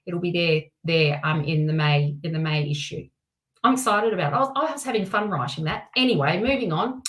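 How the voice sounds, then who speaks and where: A woman hosting a live tarot stream, talking in a chatty, excitable way with many restarts and asides. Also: lowish voice, fairly quick, low-quality recording. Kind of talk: casual live-stream chat.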